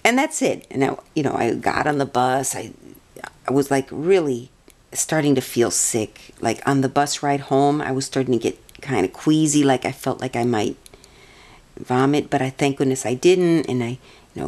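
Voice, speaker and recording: A woman's voice: very deep voice, lively intonation, normal speed, a little mellow. A woman telling a personal story in a casual, meandering way, often restarting her sentences. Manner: meandering, chatty, many restarts. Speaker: vlogger.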